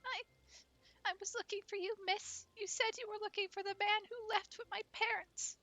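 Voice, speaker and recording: A timid squeaky little girl. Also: steady tone, normal speed, sharp tone, heavily acted. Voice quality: small, timid. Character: frightened little girl looking for parents.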